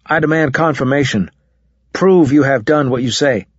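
A man's voice: medium pitch, expressive, moderate pace, husky, no echo. A man voicing a stubborn young soldier, speaking firmly and insistently in a raised voice. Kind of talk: audiobook character reading. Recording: dull, muffled audio.

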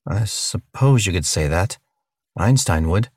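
A man's voice: low-pitched, expressive, a little slow, darkish tone, no echo, clean studio sound. A man voicing a bewildered young human captive who answers with sarcasm and curses. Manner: sarcastic, cursing.

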